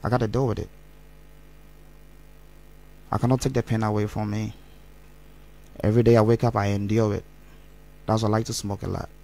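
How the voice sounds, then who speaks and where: A man's voice: on the low side, flat delivery, brisk, vocal fry, pauses often, dark tone. A man, rambling as an interview guest and mixing Twi phrases into his English. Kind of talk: candid interview talk.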